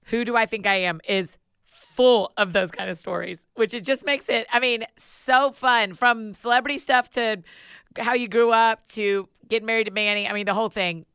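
A woman hosting a podcast, chatting casually and affirming her guest with quick responses. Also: on the high side, fairly even intonation, clean tone, no echo. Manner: warm encouraging listener, quick affirmations. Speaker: podcast host. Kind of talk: casual interview chat.

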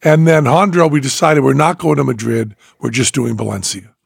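Male podcast host, gravelly voice, rambling storyteller, dry studio mic. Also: medium pitch, expressive, normal speed, no room sound. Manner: rambling storyteller, acts out dialogue. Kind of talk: casual chat.

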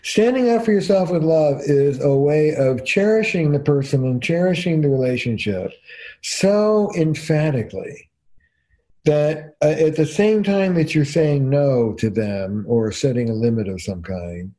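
A man's voice: on the high side, measured pace. A man, a couples therapist, telling stories emphatically as a guest on a podcast interview. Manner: emphatic, animated storyteller.

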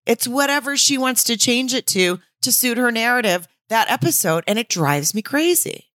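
A woman's voice: on the high side, lively intonation, normal speed, fairly bright tone, no echo, clean studio sound. A woman co-hosting a podcast in casual chat, blunt and exasperated, swearing freely. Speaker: podcast co-host.

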